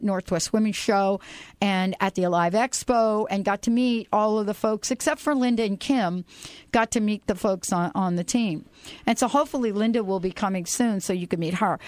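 A woman's voice: mid-range voice, dry recording. A woman hosting a radio talk show, chatty and enthusiastic, rambling a little as she talks.

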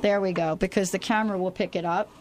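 A woman's voice: mid-range voice, fairly even intonation, fast. Chatty woman radio talk host. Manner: chatty, rambling, enthusiastic.

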